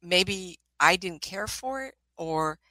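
A woman's voice: lowish voice, animated, slow pace, pushed and bright, dry recording, low-quality recording. An older woman, a spiritualist minister and ghost investigator, telling rambling anecdotes in a casual chat, often laughing and restarting her sentences.

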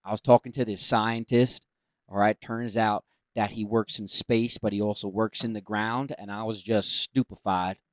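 A man's voice: lowish voice, fairly even intonation, moderate pace, no echo. A man co-hosting a casual podcast, telling stories and joking about words. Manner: jokey storyteller, playful word games. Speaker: podcast co-host. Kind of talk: casual chat.

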